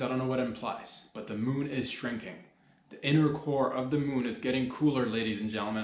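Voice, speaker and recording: A man's voice: medium pitch, echoey room. A man hosting a comedy podcast, riffing in a loose, profane monologue full of slang and mock-panicked outbursts.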